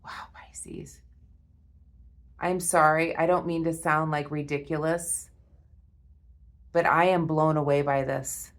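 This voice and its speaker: Awestruck low-voiced woman tarot reader. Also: little pitch movement, a little slow. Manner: awed, emotional, repeats herself, frequent breathy "wow"s. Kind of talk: spiritual tarot reading spoken to viewers.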